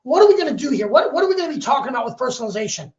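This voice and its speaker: A man's voice: extremely high pitch, big pitch swings, rapid-fire. A man hosting a live sales webinar, upbeat and pushy, often tacking on "okay?" and restarting his sentences. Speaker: webinar host. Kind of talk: energetic sales webinar pitch. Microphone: webcam. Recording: echoey room, dull audio.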